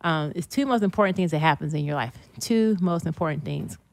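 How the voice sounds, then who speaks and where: A woman's voice: sits low, lively intonation, a little fast, gravelly, no room sound. A woman guest on a podcast in casual chat, speaking earnestly and motivationally, often repeating her key phrases.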